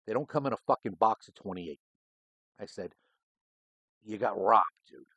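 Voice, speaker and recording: Middle-aged ex-cop host with a lowish voice, dry close sound, swears freely and rambles through anecdotes. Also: male voice, normal speed, sharp tone, breathy edge, no room sound, dull audio. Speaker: cigar show host, former homicide detective. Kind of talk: casual storytelling.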